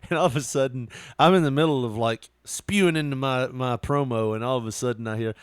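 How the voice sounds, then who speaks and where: A man's voice: mid-range voice, brisk, smooth, dry recording, studio quality. A man co-hosting a podcast in casual chat, telling stories animatedly and laughing often. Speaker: podcast co-host.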